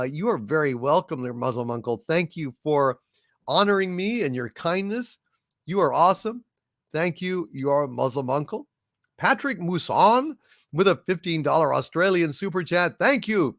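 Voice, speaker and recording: Gravelly, animated livestream host. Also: male voice, on the high side, dry recording, clean studio sound. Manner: grandiose, thankful, rambling with repeated words. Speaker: channel host. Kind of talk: live stream, reading out viewer donations.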